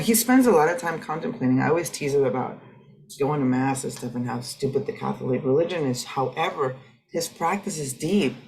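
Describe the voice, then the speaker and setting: Gravelly-voiced middle-aged woman podcaster. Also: sits low, a little mellow, rough recording. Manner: rambling, conversational, with frequent restarts. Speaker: podcast host. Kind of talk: casual reflective monologue.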